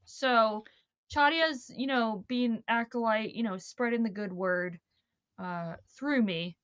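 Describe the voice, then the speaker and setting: A woman chatting casually, animated and playful, often correcting herself as she talks. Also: a little high, takes it slowly, clear, resonant tone, no room sound. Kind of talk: casual chat.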